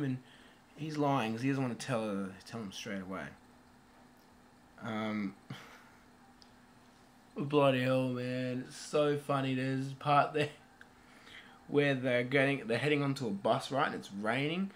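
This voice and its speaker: A man talks through a movie review in a loose, unscripted way. He wanders off topic, swears casually and fills gaps with hesitant ums. His voice sits at an ordinary middle pitch. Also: moderate pace, fairly bright tone. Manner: rambling, swears casually, many fillers.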